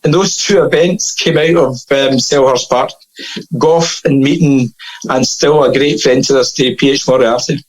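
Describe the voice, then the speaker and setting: A Scottish man chatting as a podcast guest, telling a long anecdote in a casual, lively way and laughing at his own tale. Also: medium pitch, moderate pace, poor audio.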